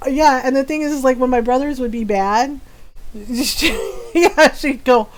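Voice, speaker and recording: High-voiced woman streamer telling stories. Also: measured pace, low-quality recording. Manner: animated storyteller, laughs often. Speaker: livestreamer. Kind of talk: casual chat while gaming.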